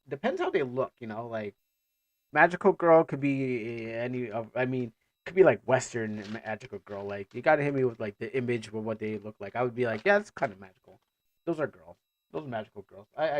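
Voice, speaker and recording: A man's voice: mid-range voice, dry recording. A man streaming casually, reacting to game trailers as he talks, rambling and stammering with joking asides.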